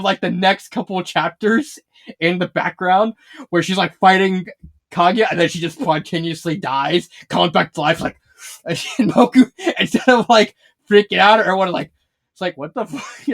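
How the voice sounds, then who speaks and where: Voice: medium pitch, brisk. A fanfiction reviewer talking casually, rambling with many restarts and fillers and laughing often while retelling scenes.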